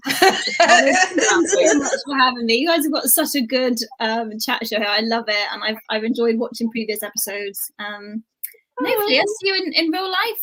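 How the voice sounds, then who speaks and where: A woman's voice: fairly high pitch, normal speed, a bit bright. A woman comedian with a Bristolian accent, chatting as a guest over a video call, laughing often and using casual slang. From England. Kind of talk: casual chat show interview.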